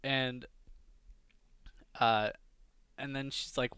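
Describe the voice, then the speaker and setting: A man's voice: medium pitch, fairly even intonation, takes it slowly, pushed and bright, smooth, dry recording. A man hosting a podcast, chatting casually and teasing his co-host in a laid-back way.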